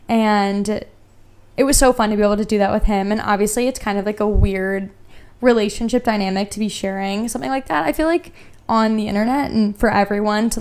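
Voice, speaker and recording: Smooth-voiced woman gushing on her podcast. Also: mid-range voice, a little mellow. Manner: chatty and gushing, heavy use of "like". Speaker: podcast host. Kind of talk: casual solo podcast chat.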